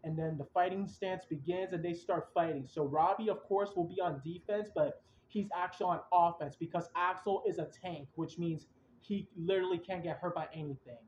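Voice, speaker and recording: A young man hosting a podcast, excitedly retelling events in a rambling, casual way with slang. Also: high voice, brisk, slight background noise. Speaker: podcast host. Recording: roomy, dull lo-fi sound.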